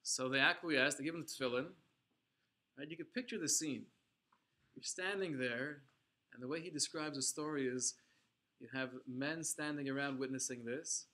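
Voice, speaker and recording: A man's voice: mid-range voice, bright, forceful tone. A man teaching a religious class, telling a story dramatically and with emphasis, using Hebrew and Yiddish terms. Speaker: Torah teacher.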